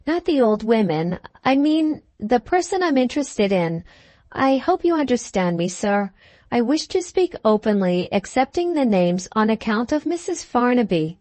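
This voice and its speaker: A woman's voice: on the high side, very animated, moderate pace, dry recording. A woman voicing an anxious young maidservant who speaks hesitantly and apologetically. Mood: troubled. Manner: hesitant and apologetic, addressing a gentleman as sir.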